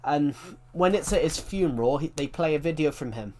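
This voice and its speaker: A man's voice: a little high, expressive, fairly quick, darkish tone, a little hiss or hum. A man livestreaming a game, telling stories in a rambling casual chat and often correcting himself mid-sentence. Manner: rambling storyteller, frequent self-corrections.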